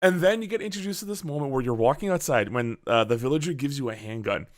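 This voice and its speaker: Animated man telling a story on a podcast. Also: mid-range voice, fast. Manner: animated storytelling, acts out his own reactions, swears a lot. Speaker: podcast host. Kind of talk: casual podcast chat.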